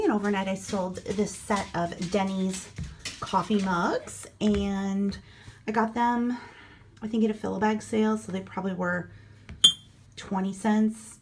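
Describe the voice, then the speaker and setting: A middle-aged woman from Iowa at home chats through her online sales in a casual vlog. Her voice sits at an ordinary middle pitch. She talks frankly and plainly about what she paid and what things sold for. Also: a little hiss or hum. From Iowa, USA. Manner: chatty, frank, matter-of-fact about prices. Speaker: online reseller vlogger.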